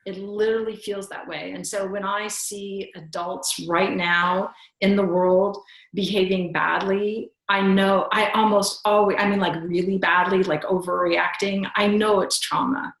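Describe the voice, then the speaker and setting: A woman's voice: mid-range voice, flat delivery, unhurried, a bit bright. A middle-aged woman telling personal stories as a podcast guest, earnest and reflective, often restarting her sentences. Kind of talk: personal storytelling in conversation. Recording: roomy echo.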